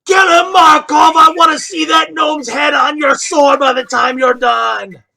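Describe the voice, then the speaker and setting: A man voicing a loud, bloodthirsty male spectator yelling from the arena stands. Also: unhurried, gravelly, heavily acted. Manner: yelling, high and excited.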